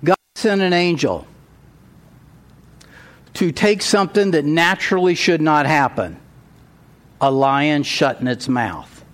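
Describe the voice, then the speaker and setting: Preacher guy telling a story in his sermon, slow, voice all over the place, gets loud on the big lines. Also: fairly high pitch. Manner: storytelling, animated, rising to emphatic peaks. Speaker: pastor.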